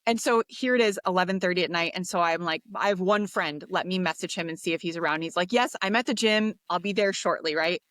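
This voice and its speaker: A woman, a podcast guest, telling a story in an interview, animated and acting out the voices of people she quotes. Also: on the low side, quick pace, few pauses, no echo. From United States.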